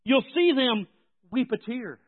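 A man preaching a sermon in an animated way, swinging between soft and loud. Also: very high-pitched, unhurried. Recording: tinny phone-like sound.

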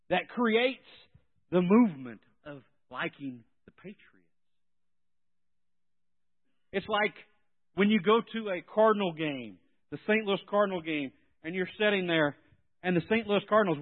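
A man preaching a sermon in an animated way, swinging between soft and loud. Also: sits high. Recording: tinny phone-like sound.

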